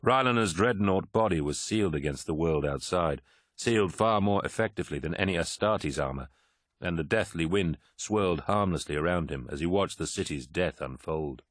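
Deep-voiced man narrating grimly. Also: expressive, moderate pace, no echo, clean studio sound. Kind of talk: audiobook narration.

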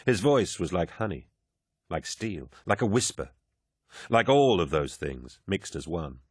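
Deep husky male audiobook narrator. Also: big pitch swings, unhurried, no echo, clean studio sound. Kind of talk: scripted narration.

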